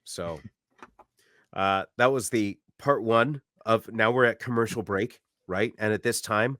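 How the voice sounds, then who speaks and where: A man with a lowish voice tells a story on a casual podcast and keeps reenacting his own shouting. The sound is dry and close, with no room in it. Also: unhurried, no echo. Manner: loud, animated storyteller who acts out shouts. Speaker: podcast co-host. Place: apartment room.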